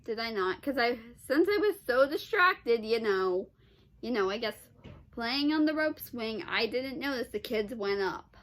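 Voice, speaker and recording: A woman's voice: on the high side, expressive, a little slow. A woman vlogger telling a personal story in a casual, rambling way, full of restarts, sighs and exasperated "ugh"s.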